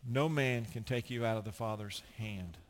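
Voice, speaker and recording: A fairly low-pitched man speaks at a moderate pace, preaching as a middle-aged American pastor. He tells stories with animation and plays the roles of the people he quotes.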